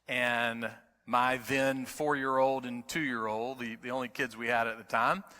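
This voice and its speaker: A middle-aged man preaching a sermon as pastor. He is emphatic, repeats key words, and moves between quiet storytelling and loud preaching. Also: mid-range voice, fairly even intonation, measured pace. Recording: long hall reverb.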